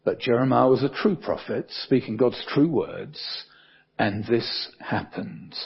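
An older man preaching a sermon in a conversational way, with many fillers and soft dips for emphasis. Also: medium pitch, measured pace, creaky, breathy edge, lo-fi sound.

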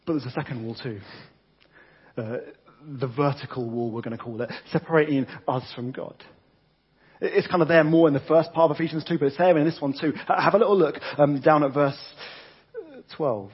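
A man's voice: medium pitch, husky, dull audio. A man preaching a conversational sermon with frequent restarts and repeated words.

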